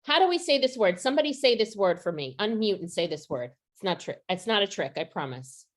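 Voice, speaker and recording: A woman's voice: mid-range voice, big pitch swings, fairly quick. A woman training teachers over a video call, explaining step by step and asking the group questions. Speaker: literacy trainer.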